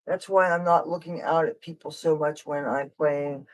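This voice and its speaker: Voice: mid-range voice, steady tone, moderate pace, poor audio. An adult livestream host and street guitarist chatting casually in a rambling, digressive way, frank and a little wry, jumping from topic to topic.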